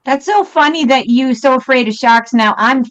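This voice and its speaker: Woman guest, slightly high voice, eager tone, muffled lo-fi call audio. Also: moderate pace, fairly bright tone. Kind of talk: casual chat.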